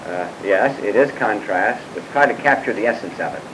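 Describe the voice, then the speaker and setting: A man's voice: on the low side, lively intonation, a little fast, background noise. Man lecturing on scripture to a class. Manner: questioning students, frequent "uh" and "by the way" asides. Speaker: Bible teacher.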